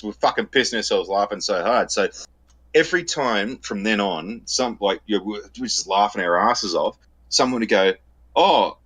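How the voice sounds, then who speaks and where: A man's voice: lowish voice, a bit bright, slightly rough. A middle-aged man with an Australian accent, telling crude stories on a podcast, swearing constantly and laughing at his own tales. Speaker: podcast host. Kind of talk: crude casual storytelling.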